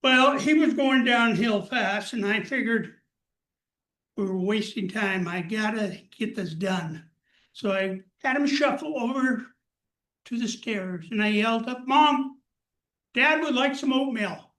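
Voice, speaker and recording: An older man telling a personal story to a live group in a plain, unhurried way. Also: sits high, a bit bright. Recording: echoey room.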